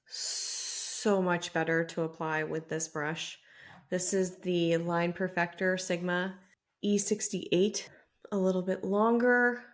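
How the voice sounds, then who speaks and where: A woman beauty vlogger chatting casually to camera while she applies makeup, self-deprecating and talkative. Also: mid-range voice. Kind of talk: casual makeup tutorial chat. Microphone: camera mic with mirror some distance off.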